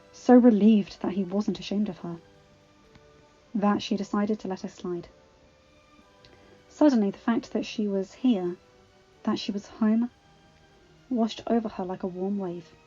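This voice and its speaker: A woman reads a romance story aloud, steady and earnest, her voice in the middle of the range. The recording is a little dull, and faint music plays beneath her. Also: medium pitch, husky. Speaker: fan fiction reader. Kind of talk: storybook narration.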